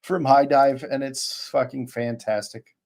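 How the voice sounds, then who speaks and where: A podcast co-host chats about anime with blunt, profane enthusiasm, swearing freely. His mid-range voice is creaky and darkish, with fairly even intonation and an unhurried pace.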